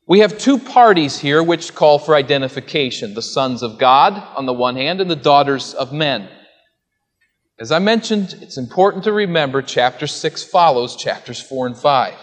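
A man preaching an expository sermon, teaching earnestly and putting rhetorical questions to his listeners before answering them. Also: on the high side. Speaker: pastor. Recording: long hall reverb.

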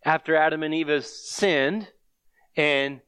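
Guy preaching slow and earnest, kinda high voice, reads bible verses out. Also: fairly bright tone, clean tone, no room sound. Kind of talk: sermon.

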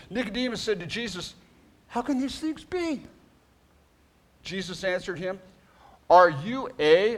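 A male pastor giving a sermon, reading scripture aloud with emphatic, conversational asides to his congregation. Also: high-pitched.

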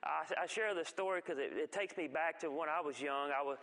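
A man's voice: a little high, pushed and bright. Folksy man telling his story in church. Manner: folksy, halting with restarts. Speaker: guest speaker giving testimony. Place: church sanctuary. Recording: long reverb of a church hall.

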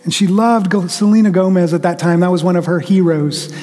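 A man's voice: sits high, fast talker, few pauses, dark tone. A middle-aged man preaching a sermon as a pastor, telling stories and acting out what people say. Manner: storytelling preacher who acts out quotes. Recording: long hall reverb.

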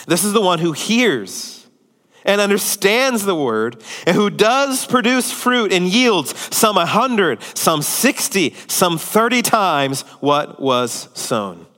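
A man in his thirties, a pastor preaching a sermon with humorous storytelling and lively shifts in loudness. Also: sits high, takes it slowly. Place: church hall. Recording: reverberant church hall.

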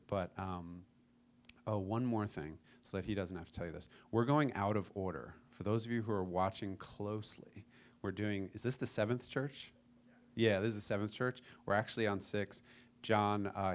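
A man, the church's pastor, informally introducing a guest preacher to the congregation. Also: deep voice. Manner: informal, rambling with fillers. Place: church sanctuary.

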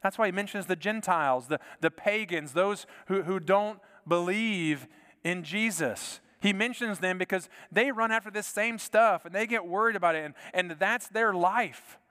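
An earnest male pastor delivers a sermon in a slightly high voice. He repeats words as he goes and falls to a soft hush for emphasis. A long hall reverb trails behind every phrase. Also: moderate pace.

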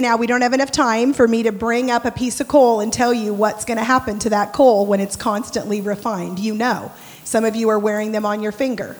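A woman with a high, light voice preaches a sermon in a church. She is expressive, swinging from bright, loud bursts down to hushed prayer. Her words ring out with a long hall reverb. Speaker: church speaker. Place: church sanctuary.

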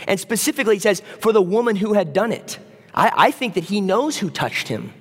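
A man preaching a sermon in a conversational, animated way, acting out the voices of the people in the story. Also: high-pitched, fairly quick. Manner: conversational, animated, acts out voices of biblical figures. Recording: long reverb of a hall.

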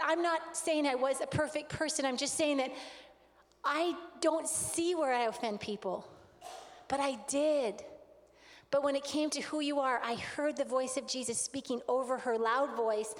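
High-voiced woman preaching in a hall. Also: normal speed. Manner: earnest, animated storyteller acting out quotes. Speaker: speaker at a relationship conference. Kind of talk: sermon-style storytelling. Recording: long hall reverb.

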